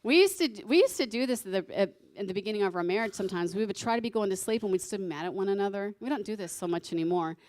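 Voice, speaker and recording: A woman's voice: mid-range voice, animated, rapid-fire, few pauses, a little mellow. A woman giving a sermon alongside her husband, conversational and teasing as she explains scripture.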